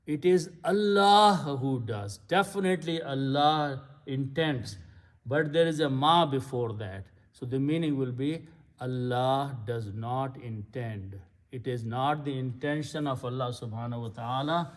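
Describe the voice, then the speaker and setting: A man's voice: mid-range voice, measured pace. A man giving a patient, step-by-step lecture on Arabic grammar and vocabulary. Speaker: Quran Arabic teacher. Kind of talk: slow explanatory lecture.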